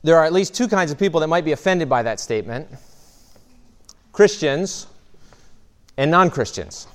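A man's voice: a little high, lively intonation, moderate pace, fairly bright tone. A man, a pastor, preaching a sermon in a conversational way, often checking in with "right?" and restarting phrases.

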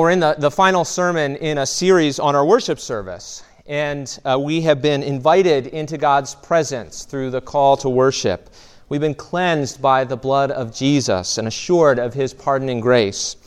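A man's voice: mid-range voice, clean tone. A man, a pastor, preaching a sermon in a conversational way, often checking in with "right?" and restarting phrases.

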